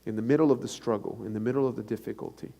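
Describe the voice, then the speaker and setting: A male pastor preaching a live sermon, moving between loud emphatic bursts and quiet, low passages and repeating key phrases for emphasis. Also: steady tone, racing, creaky. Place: church sanctuary. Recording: live church recording with long reverb and music behind.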